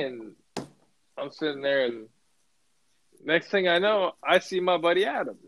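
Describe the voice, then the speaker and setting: A man's voice: on the high side, measured pace, pauses often, fairly bright tone, a little hiss or hum, rough recording. A young man casually telling a profane, laughing story on a podcast with friends. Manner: laid-back, profane, laughs while telling.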